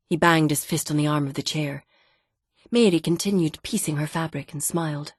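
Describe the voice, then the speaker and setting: A woman reads a novel aloud in a measured, even storytelling style. Her voice is husky and fairly low, and the dry, close recording has no room sound. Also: dry recording. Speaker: audiobook narrator. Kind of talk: scripted narration.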